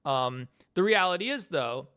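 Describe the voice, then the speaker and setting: A man's voice: fairly high pitch, animated, measured pace, a bit bright, clear, resonant tone. A man casually chatting on a live stream from his home computer setup, rambling and correcting himself as he talks. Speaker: animator streaming his work.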